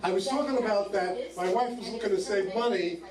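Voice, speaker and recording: High-voiced male comedy show host. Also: fairly quick. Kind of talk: casual stand-up banter. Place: bar comedy club. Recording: echoey club from far off with crowd.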